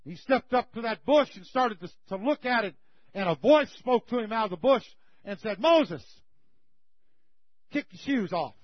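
Preacher, high voice, folksy storytelling, dry muffled sound. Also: male voice, moderate pace, dry recording. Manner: folksy, animated retelling. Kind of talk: sermon storytelling. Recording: slightly muffled recording.

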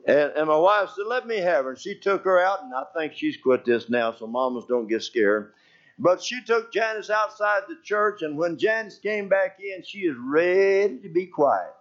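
Older folksy preacher, dull lo-fi recording. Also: male voice, sits high, moderate pace. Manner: folksy storytelling, animated with shouted quotes and hallelujahs. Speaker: pastor. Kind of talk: anecdotal sermon.

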